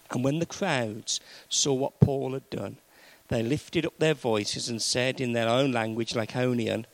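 A man preaching a sermon to a congregation, emphatic, swinging between loud raised peaks and low, quiet stretches. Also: dry recording, low-quality recording.

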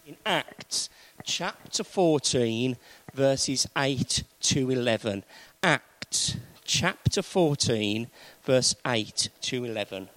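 A man preaching a sermon to a congregation, emphatic, swinging between loud raised peaks and low, quiet stretches. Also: expressive, slow, rough recording.

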